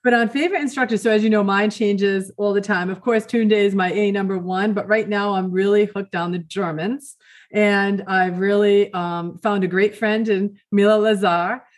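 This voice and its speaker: A woman's voice: mid-range voice, fairly even intonation, normal speed. A woman co-hosting a podcast, chatting casually with fillers. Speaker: podcast co-host. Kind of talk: casual chat.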